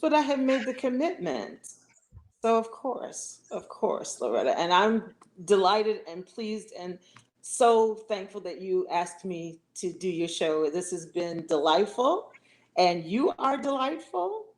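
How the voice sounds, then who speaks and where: A woman's voice: mid-range voice, big pitch swings, slow. A woman from Washington, D.C., a writer and producer, speaking graciously in an interview. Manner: gracious, warm and laughing. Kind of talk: interview conversation.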